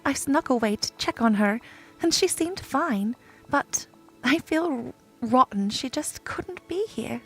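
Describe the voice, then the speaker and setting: A woman's voice: high-pitched, animated, measured pace, soft background music. A woman reading out the lines of a spirited young Scottish princess in a game, earnest and fretting over a friend.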